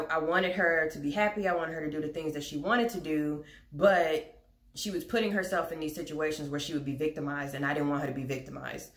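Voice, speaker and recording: A woman's voice: sits low, a bit bright. A young adult woman telling a personal story in a candid, rambling vlog. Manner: candid, rambling, talks to her dogs between thoughts. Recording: echoey room.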